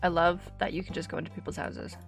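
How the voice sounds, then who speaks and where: A woman's voice: on the low side, little pitch movement, quick pace, creaky, faint music behind. A woman giving casual, chatty commentary while live-streaming a game, thinking aloud as she plays.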